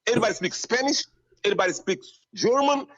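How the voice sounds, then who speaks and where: A man's voice: sits high, animated, fast talker, a bit bright, slightly rough, lo-fi sound. A man arguing insistently in a heated debate. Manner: insistent, argumentative. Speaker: debate opponent.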